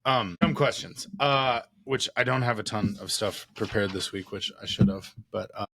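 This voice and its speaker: A man's voice: lowish voice, fairly even intonation, moderate pace, sharp tone, dry recording, rough recording. A man co-hosting a podcast in casual chat, rambling and a little self-deprecating.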